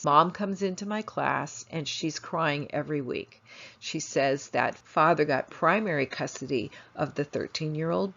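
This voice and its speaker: Woman instructor, storytelling lecture, low pitch, dull lo-fi sound. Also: gravelly. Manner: animated, acts out quoted voices in her stories. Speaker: family therapist and instructor. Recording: dull lo-fi recording.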